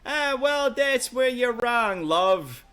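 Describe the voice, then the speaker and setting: A man's voice: extremely high pitch, animated, takes it slowly, fairly bright tone, clean tone, pitched above the performer's own voice, exaggerated voice. Man doing a cocky Brooklyn-Irish rogue. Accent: put-on mix of Brooklyn and Irish. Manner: slangy, swaggering, calls people love and lass. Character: rough cocky male adventurer, cheeky.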